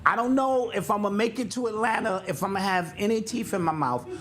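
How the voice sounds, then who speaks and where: Animated older man telling a story. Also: sits high, brisk. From United States. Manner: animated storyteller, acts out sounds and quotes. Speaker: podcast co-host. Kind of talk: casual chat.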